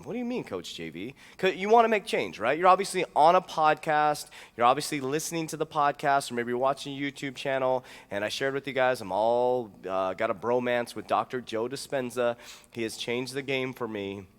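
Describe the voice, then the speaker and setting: Man, podcast host, motivational coach, mid-pitched voice, emphatic rises and drops, repeats key lines, long echoey reverb. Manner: energetic, swings his pitch and loudness for emphasis. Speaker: health and mindset coach hosting a podcast. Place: indoor room with a whiteboard.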